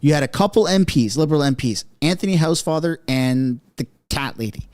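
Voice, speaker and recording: A man's voice: fairly high pitch, expressive, fairly quick, a little mellow, no echo, studio quality. A man hosting a casual online commentary show, chatty and mocking, talking straight to his viewers. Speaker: political commentary host.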